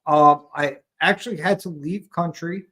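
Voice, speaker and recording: A man's voice: fairly high pitch, moderate pace, low-quality recording. An American man, a veteran and former maintenance platoon sergeant, telling war stories casually and acting out the quotes. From United States. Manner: animated storyteller who acts out quotes. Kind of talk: casual storytelling.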